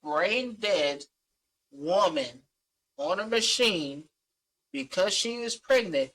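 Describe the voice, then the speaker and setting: High-pitched and a bit bright, a man with a Philadelphia accent talks slowly but animatedly while co-hosting a casual podcast. He rants heatedly, swearing often and repeating himself, and the recording is low quality.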